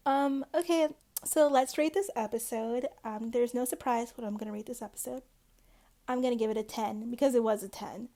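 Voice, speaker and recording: Chatty woman with a gravelly fry. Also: a little high, warm tone. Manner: chatty, peppered with "like" and "um". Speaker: reality TV recap host. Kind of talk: casual recap chat.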